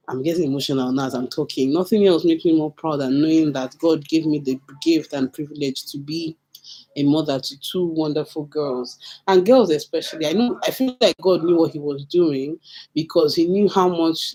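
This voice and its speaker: A woman's voice: low voice, darkish tone. A woman in her thirties chatting casually to her viewers, candid and talkative, repeating phrases for emphasis. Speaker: vlogger answering viewer questions. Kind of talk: casual get-to-know-me chat.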